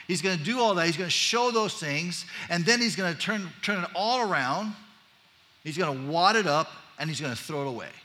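Brief: man, pastor, bright high-ish voice, easygoing sermon with jokes, echoing hall. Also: animated, a little fast. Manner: casual and chatty, asks "right?", joking asides. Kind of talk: conversational sermon. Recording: long reverb of a large hall.

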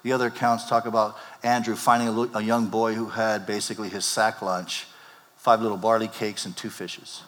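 Guy pastor preaching a sermon, bright punchy voice, long church echo, acts out the disciples. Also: fairly low pitch, fairly quick. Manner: animated preaching, acting out the disciples' lines. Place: church sanctuary. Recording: long hall reverb.

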